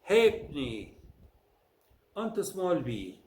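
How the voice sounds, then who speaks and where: A man teaching pronunciation, saying each word slowly and clearly, then repeating the whole list. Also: on the high side, animated, fairly bright tone. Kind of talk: slow drilled word lists. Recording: echoey room with faint noise.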